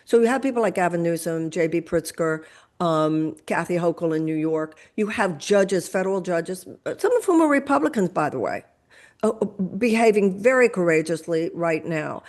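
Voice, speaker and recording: A woman's voice: fairly low pitch, expressive, moderate pace, darkish tone. An older woman, speaking as a guest and making an impassioned, lecturing political argument. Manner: emphatic, lecturing, builds arguments with examples.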